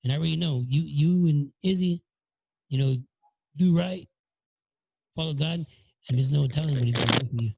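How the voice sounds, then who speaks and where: Male podcast host, gravelly and husky, dark tone, dry close sound, preachy and encouraging. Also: a little high, normal speed, pauses often, no echo, low-quality recording. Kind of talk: casual faith talk.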